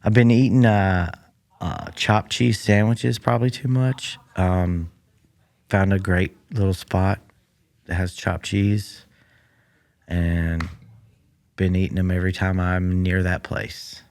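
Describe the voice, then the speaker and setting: Solo comedy host, man with a deep, raspy-fry voice; dry, meandering, filler-heavy. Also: fairly even intonation, takes it slowly, darkish tone. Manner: rambling, dry, many fillers. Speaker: podcast host. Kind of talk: casual comedic monologue. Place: room in a public library. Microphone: studio mic that picks up the room.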